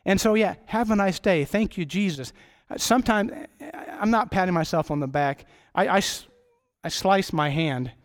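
A man's voice: high-pitched, normal speed. A middle-aged man preaching a sermon in church, rambling with jokey, self-deprecating asides.

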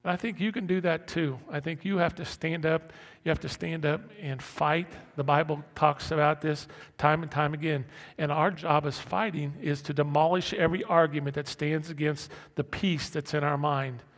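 A man's voice: on the high side, steady tone, moderate pace, fairly bright tone. A man preaching a conversational sermon as a pastor, repeating and restarting his words and acting out panicked inner voices. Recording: long hall reverb.

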